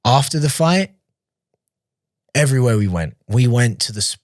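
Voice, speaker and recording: A man talking as a podcast guest, telling casual stories, chatty and quick to laugh, often restarting his sentences. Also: mid-range voice, lively intonation, no room sound, clean studio sound. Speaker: podcast guest, professional fighter. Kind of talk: casual storytelling in an interview.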